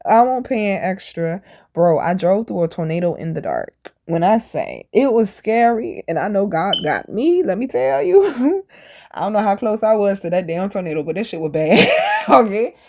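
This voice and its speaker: A woman hosting a podcast, telling stories in a casual, animated and blunt way, full of slang and swearing. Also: medium pitch, moderate pace. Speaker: podcast host. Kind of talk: casual storytelling monologue.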